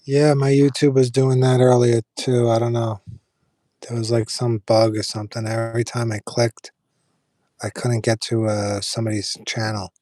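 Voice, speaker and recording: Male streamer, relaxed rambling talk, warm low tone, dry booth sound. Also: normal speed, dry recording. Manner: relaxed, rambling, frequent fillers and restarts. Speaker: streamer chatting with viewers. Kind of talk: casual live-stream chat.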